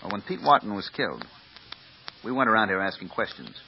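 A businesslike cop, lower voice, old radio play. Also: male voice, sing-song, fairly quick. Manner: matter-of-fact, businesslike. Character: brisk middle-aged police lieutenant. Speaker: police lieutenant. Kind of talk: 1950s radio drama acting. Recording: muffled old radio recording with hiss.

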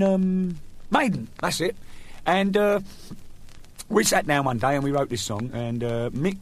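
A man's voice: fairly high pitch, fairly bright tone. Rambling, chuckling English man. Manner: rambling, chuckling, lots of restarts. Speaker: drummer telling jokes. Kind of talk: casual joke telling to camera.

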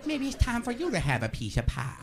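A man putting on a very high, giddy character voice that babbles monkey noises. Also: wildly swooping pitch, fast, full character voice. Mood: sweet. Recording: noisy live show with crowd.

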